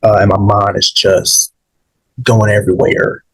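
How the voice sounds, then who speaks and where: A man hosting his own podcast, rambling and halting with many fillers and restarts, emotional and holding back tears. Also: on the low side, little pitch movement, rough recording. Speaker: podcast host. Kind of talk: emotional solo podcast monologue.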